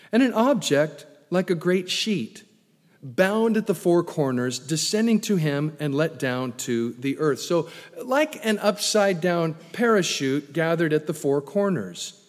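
A man preaching a sermon, his voice a touch high for a man and his delivery slow and deliberate. He swings from booming emphasis down to quiet asides. The sound rings out with the long reverb of a large church hall. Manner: preaching with wide swings in loudness, booming then dropping low. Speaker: pastor. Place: church sanctuary.

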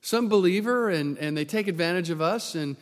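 A man preaching a sermon, swinging from loud bursts to hushed near-whispers and acting out the voices in his story. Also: high-pitched, expressive, brisk. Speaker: pastor. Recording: long hall reverb.

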